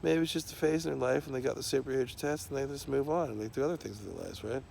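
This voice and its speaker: A man's voice: medium pitch, fast, creaky, darkish tone, slight background noise. A man talking in a loose, rambling monologue, swearing constantly and trailing off into fillers and restarts.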